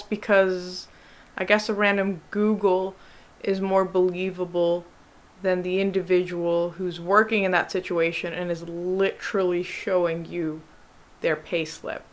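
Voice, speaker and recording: A woman's voice: mid-range voice, level tone, unhurried, pushed and bright. Exasperated American woman vlogging. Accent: General American. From United States. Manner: exasperated, sarcastic rebuttals. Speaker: doctor and vlogger. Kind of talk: casual chat to camera.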